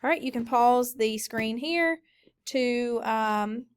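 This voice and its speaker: Woman teacher doing a phonics lesson, slightly high voice, slow and careful, breaks words into sounds. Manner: slow, clearly sounding out syllables. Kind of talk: recorded phonics lesson for students.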